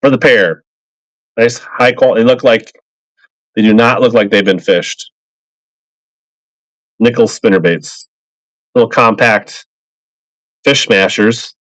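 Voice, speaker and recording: A man's voice: on the low side, fairly even intonation, slow pace, long pauses, a bit bright, dry recording. A man selling fishing gear on a casual live stream, rambling upbeat and greeting buyers by name. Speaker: live auction seller of fishing lures. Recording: slightly dull lo-fi stream audio.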